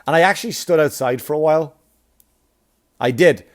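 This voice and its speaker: A stand-up comedian telling a funny personal story in a profane, animated way, laughing at his own jokes. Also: a little high, moderate pace. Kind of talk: comic storytelling.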